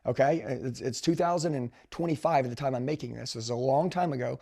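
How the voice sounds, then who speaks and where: A man in his forties, a sales trainer, telling a story in an emphatic, animated, slangy way and calling his listeners dude. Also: mid-range voice, quick pace, gravelly. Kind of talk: motivational storytelling.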